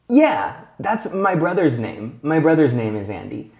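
A man teaching English possessives in a video lesson, speaking slowly and clearly and often checking in with the viewer. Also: fairly high pitch, very animated, darkish tone, roomy sound. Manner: slow, clear teacher talk with frequent check-in questions.

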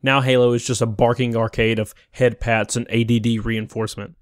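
A man's voice: medium pitch, little pitch movement, a little fast, smooth, dry recording, clean studio sound. A man narrating a scripted game review in a wistful, opinionated way. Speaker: YouTube game critic.

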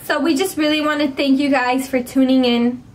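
Young woman, high pitch, bubbly gushing vlog chat. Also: fairly even intonation, normal speed, a little hiss or hum. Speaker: vlogger. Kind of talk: casual chat.

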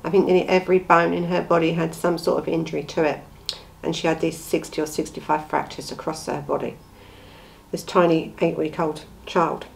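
A woman's voice: sits low, level tone, a little fast, creaky, slight background noise, low-quality recording. A woman giving blunt, indignant true-crime commentary, full of rhetorical questions. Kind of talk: impassioned commentary on a case.

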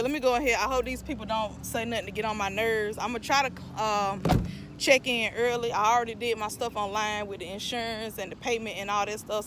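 A woman's voice: medium pitch, background noise. A woman in her thirties with a North Carolina accent, vlogging chattily to her phone from her car and a store while venting her irritation. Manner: talkative, irritated venting, addresses viewers as y'all. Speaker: mom vlogger. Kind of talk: chatty vlog talk to camera. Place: parked car, then inside a store.

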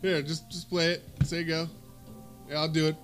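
A man's voice: fairly high pitch, level tone, a bit bright, soft background music. A man playing a card video game with a friend, commenting casually and teasing playfully. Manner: playful, teasing, slow drawl. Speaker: gamer.

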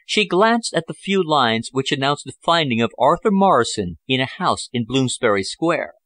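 A man narrating a novel chapter as an audiobook, in a measured, even storytelling manner. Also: mid-range voice, no echo. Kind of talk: scripted narration.

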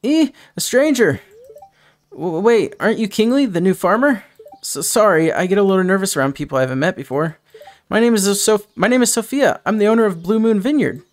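A man's voice: high-pitched, animated, fairly quick, voice pushed up. A man voicing a shy, nervous young woman vintner who stammers in a video game. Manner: stammering, flustered.

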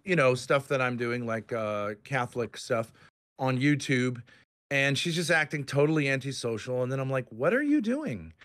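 Angry ranting man, bright voice. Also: medium pitch, clean tone. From Rhode Island, US. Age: 50s. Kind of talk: heated online group chat.

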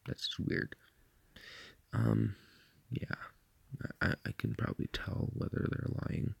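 A man's voice: deep voice, fairly even intonation, a little slow, creaky, pauses often, a little mellow, husky, no echo. A man rambling through a casual vlog from his bed at night, full of fillers and swearing. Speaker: vlogger.

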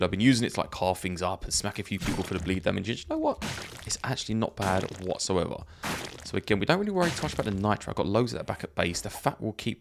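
A gaming YouTuber with a deep, creaky voice records let's play commentary over a noisy background. He chats casually through a zombie survival game, thinking aloud and laughing a lot.

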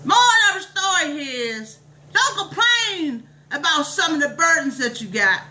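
A woman's voice: high-pitched, big pitch swings, measured pace, sharp tone, full character voice, low-quality recording. A woman playing a preachy, bossy middle-aged church lady, telling a comic story in an exclamatory, sermonizing drawl.

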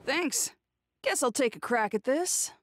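A woman's voice: high-pitched, animated, unhurried, no echo. A woman doing Boruto, a cocky teen ninja boy. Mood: breezy. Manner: cocky, playful, teasing. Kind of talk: video game cutscene dub.

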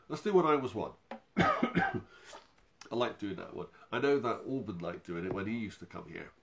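A man hosting a music session for babies and toddlers, talking to them in a gentle, chatty way. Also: mid-range voice. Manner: gentle, chatty, talks directly to small children. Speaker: children's music session host. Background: ukulele playing.

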